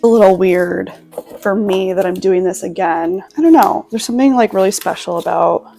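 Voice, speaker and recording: A woman's voice: mid-range voice, normal speed, gravelly, dark tone. Young woman, casual vlog chat, filler-heavy and candid, music behind. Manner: chatty, candid, many fillers like "like" and "you know". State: out of breath. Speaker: vlogger, nurse and business owner.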